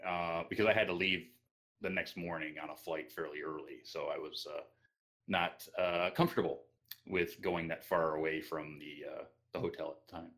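Man, interview guest, very low voice, bright tone, halting casual answers. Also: steady tone. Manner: hesitant, many ums and restarts.

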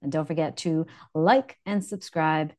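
A woman with a very low voice co-hosts a relaxed podcast. She laughs easily and speaks straight to the listeners, asking them to comment and subscribe. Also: a little slow. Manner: laughing often, direct, wraps up with calls to comment and subscribe. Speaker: podcast co-host. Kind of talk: casual chat.

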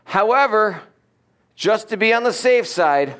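A man's voice: high-pitched, lively intonation, unhurried, a bit bright, pitched above the performer's own voice. A man doing a solemn judge's verdict. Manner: formal, pronouncing. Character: righteous judge delivering a verdict.

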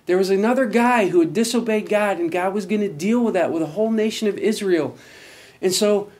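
A man's voice: high-pitched, fairly quick, darkish tone. A man preaching a sermon, explaining scripture with earnest emphasis and reading verses aloud. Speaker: pastor.

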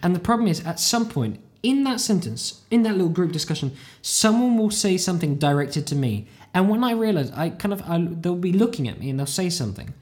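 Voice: mid-range voice, big pitch swings, a little fast, hardly any pauses, darkish tone. A podcaster from the UK with a British accent, talking in a casual, rambling monologue that drifts off on tangents, pokes fun at themselves and swears casually. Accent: British English. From United Kingdom. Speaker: podcast host, language learner.

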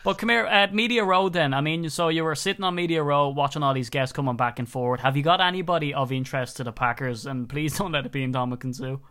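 Irish guy hosting, fast jokey banter, tells stories. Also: a little high, pushed and bright. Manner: jokey storyteller, quick and chatty. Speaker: podcast host. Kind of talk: casual chat.

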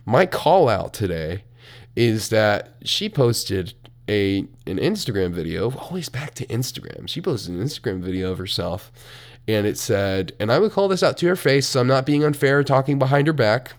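A young man in a college dorm room hosting a solo podcast, profane and animated, swinging between mumbled asides and loud outbursts. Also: on the low side, moderate pace. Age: young adult. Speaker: podcast host. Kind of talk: casual solo podcast rant.

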